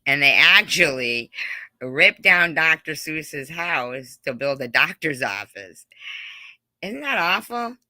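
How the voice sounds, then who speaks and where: A woman's voice: low voice, sing-song, takes it slowly, bright, forceful tone, dry recording, studio quality. A middle-aged woman hosting a casual live stream, chatting with viewers in a rambling, giggly way full of fillers.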